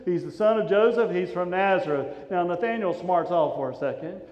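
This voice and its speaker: A man, preaching a sermon in a conversational, animated storytelling way. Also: high voice, normal speed. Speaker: pastor. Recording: roomy, reverberant, dull sound from a hall.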